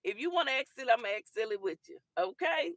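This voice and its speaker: Bright, teasing woman livestream host. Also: on the high side, quick pace, dry recording, clean studio sound. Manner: teasing, animated, laughs often. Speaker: talk show host. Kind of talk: casual livestream chat, answering commenters.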